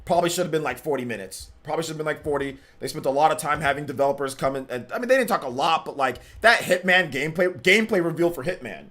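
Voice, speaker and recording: A man's voice: a little high, expressive, fast, hardly any pauses, bright, forceful tone. A man hosting a casual gaming podcast over an online call, ranting emphatically and repeating himself as he talks. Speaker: podcast host.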